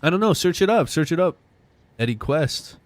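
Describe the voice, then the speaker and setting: A young man streaming a game live, chatting loosely and excitably with viewers. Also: on the high side, moderate pace, no room sound. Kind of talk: casual live-stream chat.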